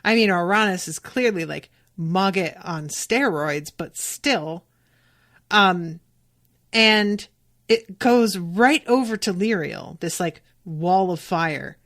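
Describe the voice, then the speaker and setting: Young woman podcaster, slow delivery, reads a book aloud and reacts with casual swearing. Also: on the low side. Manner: casual, swears freely, breaks into excited reactions. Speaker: podcast host. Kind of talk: reading a novel aloud and reacting.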